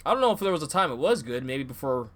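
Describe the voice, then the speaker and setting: A man's voice: medium pitch, big pitch swings, quick pace, fairly bright tone. A man co-hosting a casual podcast, his voice swinging up and down as he talks. He is blunt, swears freely and laughs at his own jokes. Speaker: podcast co-host.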